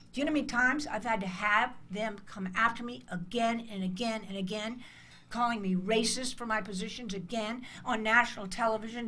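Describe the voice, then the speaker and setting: A slightly high, somewhat bright voice carries this motivational speech by a U.S. woman in her sixties to interns in a conference hall. She speaks passionately and emphatically, acting out dialogues.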